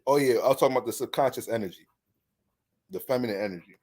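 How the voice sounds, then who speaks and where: A man's voice: mid-range voice, fast. A man who hosts an astrology channel, talking in a casual, profane, rambling monologue. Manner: profane, animated, rambling, restarts often. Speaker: astrology content creator.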